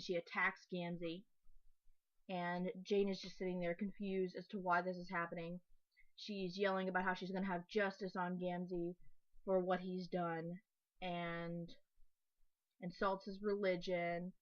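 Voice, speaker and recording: A woman's voice: on the low side, lo-fi sound. Chatty young woman recapping a comic. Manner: chatty and enthusiastic, with fillers and restarts. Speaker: fan recapping comic updates. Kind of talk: casual spoken recap.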